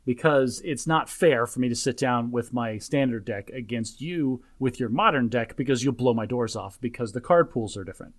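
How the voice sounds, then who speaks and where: A man hosting a casual podcast with a middling pitch. He teases his co-host with dry humor and makes quick self-deprecating remarks. When he turns to explaining a topic, he stays relaxed and conversational. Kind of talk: casual chat.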